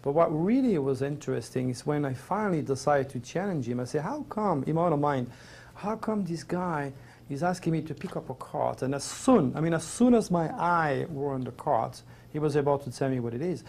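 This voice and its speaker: A man's voice: fairly high pitch, lively intonation, fairly quick, gravelly, a little mellow. A middle-aged man with a French accent, a native French speaker, tells a personal story as an interview guest in an earnest, rambling, emotional way. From Provence, France.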